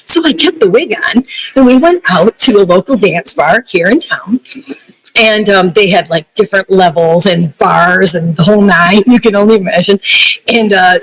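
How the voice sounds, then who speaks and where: A middle-aged woman, a broadcast journalist, chatting as a guest and telling lively stories, laughing often and acting out the voices she quotes. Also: mid-range voice, no room sound, rough recording. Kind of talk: casual interview chat, storytelling.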